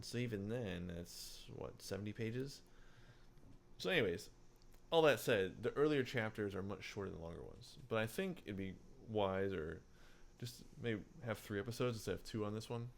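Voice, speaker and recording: A man's voice: lowish voice, moderate pace, vocal fry, a little hiss or hum. A man co-hosting a casual book podcast, rambling with many fillers and restarts. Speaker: podcast co-host. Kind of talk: casual book-club chat.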